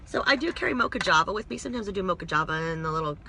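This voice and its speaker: A woman's voice: medium pitch, lively intonation, racing, bright, forceful tone, a little hiss or hum. A woman casually rambling through a makeup tutorial from inside a parked car, talking to her phone camera with self-deprecating asides. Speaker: vlogger doing a makeup tutorial.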